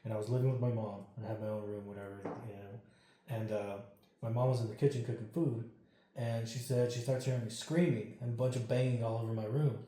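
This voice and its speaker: Male interview guest, casual storyteller with a mellow, dark tone who acts out the lines and curses freely, in a very echoey room. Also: fairly low pitch, quick pace. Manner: animated, acts out quoted dialogue, swears freely.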